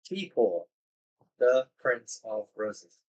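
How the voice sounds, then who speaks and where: A man's voice: medium pitch, big pitch swings, drawn-out words, highs cut off. A man playing in a tabletop game, rambling and giggling, with lots of fillers. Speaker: player. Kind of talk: casual tabletop game chat.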